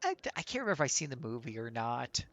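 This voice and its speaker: A man's voice: medium pitch, sing-song, fast talker, a bit bright, no room sound. A man streaming a game live, chatting and joking in a rambling way with many restarts. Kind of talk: live gameplay commentary.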